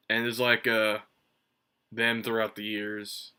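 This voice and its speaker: A man's voice: on the low side, level tone, unhurried, pushed and bright, clear, resonant tone. A man giving a casual, rambling review, swearing freely and filling gaps with "like" and "um". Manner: rambling, profane, many fillers and restarts. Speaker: manga reviewer. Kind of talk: casual solo review commentary.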